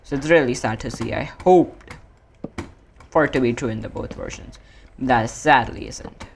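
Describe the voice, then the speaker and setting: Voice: mid-range voice, vocal fry, a little hiss or hum. A streamer from India chatting casually while gaming, rambling and often correcting himself mid-sentence. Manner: rambling, self-correcting, drawn-out fillers.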